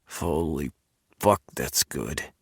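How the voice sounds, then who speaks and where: A man voicing a dominant but tender male lover in an audiobook, speaking in a low, breathy near-whisper that moves from commanding growls to gentle murmurs. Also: slow pace, no echo, studio quality, heavily acted. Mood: growling. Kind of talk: audiobook dialogue.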